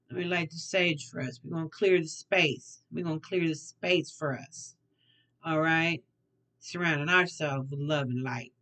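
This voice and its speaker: A woman hosting a casual tarot reading, talking in a sassy, playful way that keeps repeating phrases, moving between soft murmurs and loud teasing bursts. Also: fairly low pitch. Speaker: tarot reader.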